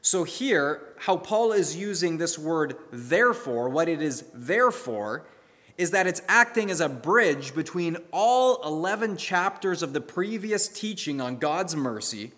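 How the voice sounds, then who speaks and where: A man, preaching a sermon in an earnest, measured, storytelling way. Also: on the high side, animated, a bit bright. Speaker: pastor. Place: church sanctuary. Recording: long reverb of a church hall.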